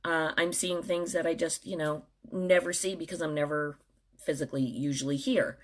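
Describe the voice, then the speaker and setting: A woman's voice: low voice, fairly even intonation, moderate pace. A middle-aged woman speaking earnestly and emotionally straight to her viewers in a personal vlog. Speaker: dental professional.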